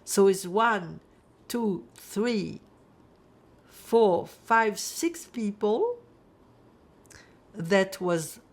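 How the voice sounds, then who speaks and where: Slow, gravelly older woman recalling her life. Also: mid-range voice, expressive. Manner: reflective, halting, many fillers. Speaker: Holocaust survivor interviewee. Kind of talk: oral history testimony.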